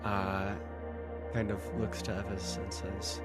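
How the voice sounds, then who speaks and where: A man's voice: on the low side, level tone, takes it slowly, loud music behind the voice. A man casually describing his character's actions as a player in a tabletop game.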